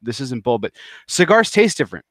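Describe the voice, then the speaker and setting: A man's voice: mid-range voice, sing-song, brisk, a bit bright, no echo, studio quality. A man hosting a podcast, chatting casually about cigars with a rambling, restarting manner. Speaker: podcast host. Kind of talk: casual chat.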